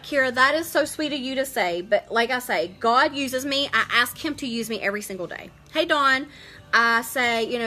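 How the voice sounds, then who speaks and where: A middle-aged woman with a slightly high voice hosts a live makeup tutorial, chatting warmly with viewers. She greets them by name and shares heartfelt stories while she works, though the audio is poor.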